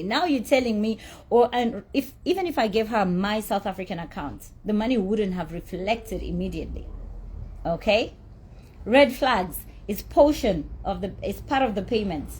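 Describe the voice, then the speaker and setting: A woman's voice: mid-range voice, a little mellow, breathy edge. A middle-aged woman telling her side of a dispute over an unpaid appearance, blunt, indignant and swearing freely. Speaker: celebrity recounting a dispute. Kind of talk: heated personal storytelling.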